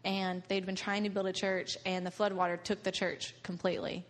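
A woman's voice: medium pitch, little pitch movement, a little fast. A young woman giving a slideshow talk to a group about a mission trip, telling stories and laughing often. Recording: long reverb of a hall.

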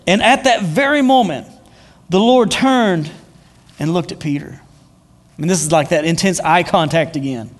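A man's voice: sits high, normal speed, pauses often. A male preacher telling a story in a casual, conversational sermon, full of fillers and repeated words. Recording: long hall reverb.

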